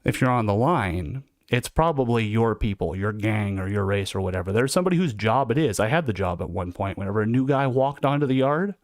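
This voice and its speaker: A man's voice: lowish voice, lively intonation, fairly quick, few pauses, no room sound, clean studio sound. A man hosting a livestream, telling stories in a conversational, reflective way. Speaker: livestream host recounting incarceration. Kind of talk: casual storytelling monologue.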